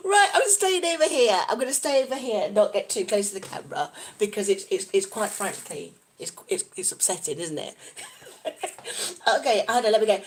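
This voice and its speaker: A woman from the UK chatting casually on a live stream, reading out comments in a bubbly, giggly, excitable way. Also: medium pitch, fairly quick, slight background noise. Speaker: vlogger reading live chat.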